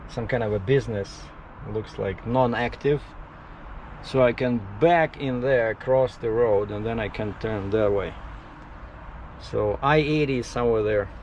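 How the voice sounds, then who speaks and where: A man's voice: medium pitch, unhurried, a little mellow, dull audio. Trucker guy rambling outside by his rig, average voice, faint outdoor hum, keeps restarting his sentences. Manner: rambling, jumps between topics, frequent restarts. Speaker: truck driver. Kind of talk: casual vlog monologue. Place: outdoors at a truck parking area.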